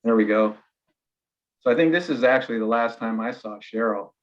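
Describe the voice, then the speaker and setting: A man's voice: mid-range voice, brisk. A man, a cousin, easily talking through an old photo at a memorial on a video call. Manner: easygoing, with uhs. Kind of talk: memorial remarks. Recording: dull video call audio.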